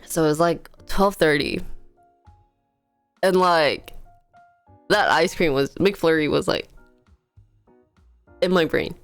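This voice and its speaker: A woman's voice: sits low, slow, pauses often, faint music behind. A woman livestreaming from home, telling stories in a casual, chatty way and laughing often. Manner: chatty storytelling, frequent laughter.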